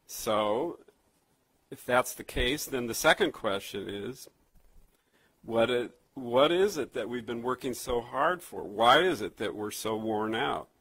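A man preaching a sermon, telling a childhood story and reading scripture slowly, with frequent restarts and fillers. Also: medium pitch, animated, fairly bright tone, breathy edge, dry recording, rough recording. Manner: conversational storytelling with many restarts; slow, emphatic scripture reading. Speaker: pastor.

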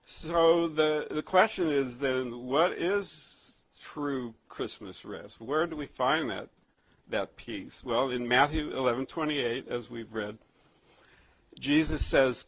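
A man preaching a sermon, telling a childhood story and reading scripture slowly, with frequent restarts and fillers. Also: mid-range voice, a bit bright, slightly rough, dry recording, poor audio. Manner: conversational storytelling with many restarts; slow, emphatic scripture reading. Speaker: pastor.

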